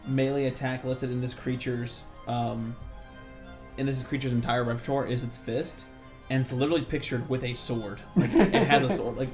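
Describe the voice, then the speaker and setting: A game master calls out rolls and damage with wry, amused asides. The voice sits in an ordinary middle pitch. Faint music plays behind the table talk. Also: fairly even intonation, normal speed, a little mellow.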